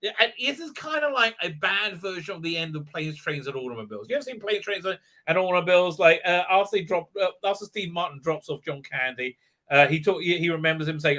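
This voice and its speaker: A man's voice: fairly high pitch, fairly quick, pushed and bright. A man hosting a livestream, ranting sarcastically and checking in with "right?" between his many fillers. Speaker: host. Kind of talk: livestream commentary rant.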